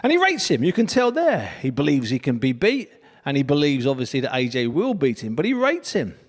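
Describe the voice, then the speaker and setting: A man's voice: medium pitch, wildly swooping pitch, a little fast. A man presenting a radio boxing show, interviewing his guest in a friendly, bantering way.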